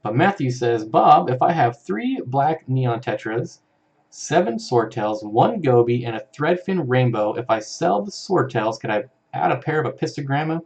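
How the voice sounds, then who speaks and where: A man's voice: mid-range voice, sing-song, normal speed, creaky, darkish tone. A man hosting a casual live stream, reading out viewer comments in an easygoing way and chuckling often. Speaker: live-stream host for an aquarium channel.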